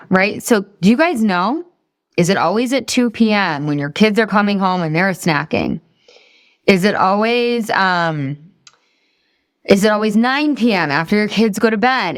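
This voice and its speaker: A woman in her thirties with a medium-pitched voice leads a live weight-loss coaching class, recorded dry with clean studio sound. Chatty and encouraging, she fires questions at the group and laughs at herself when she drifts off topic.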